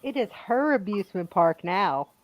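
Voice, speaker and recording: A woman's voice: mid-range voice, animated, normal speed, no echo, muffled recording. A woman hosting a live online show over a video call, chatty and laughing often. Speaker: show host. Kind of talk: casual live-stream hosting.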